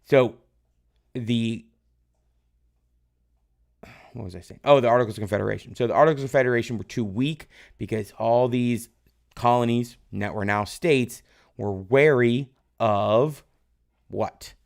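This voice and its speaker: A man's voice: mid-range voice, unhurried, vocal fry, long pauses. A man teaching a live-streamed exam review lesson, loosely quizzing his viewers and praising their answers. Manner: loose, rambling, tag questions like "right?". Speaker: history teacher.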